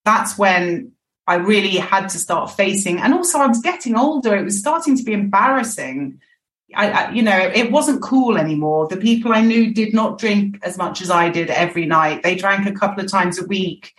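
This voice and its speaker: A woman's voice: medium pitch, lively intonation, moderate pace, a bit bright, reverberant. A woman in her forties, a podcast guest talking candidly and reflectively in casual conversation.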